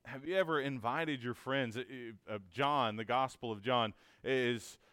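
Man, Bible lesson, resonant clear voice, dry close sound, earnest rhetorical questions. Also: mid-range voice, measured pace, pushed and bright, no room sound. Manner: asks rhetorical questions, often tagged with "right?"; earnest and encouraging. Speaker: Bible class teacher.

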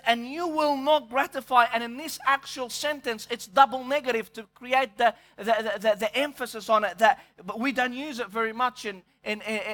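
Man, pastor, very high voice, emphatic sermon delivery. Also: pushed and bright. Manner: emphatic preaching, repeats words when searching.

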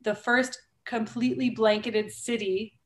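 A woman's voice: fairly high pitch, fairly even intonation, measured pace. A woman in her thirties hosting a casual podcast conversation, talking emphatically and firing off rhetorical questions. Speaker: podcast host.

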